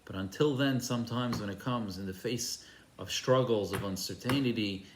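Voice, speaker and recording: A man's voice: on the low side, normal speed, slight background noise. A man, a rabbi, giving an earnest, emphatic sermon with storytelling. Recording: roomy echo.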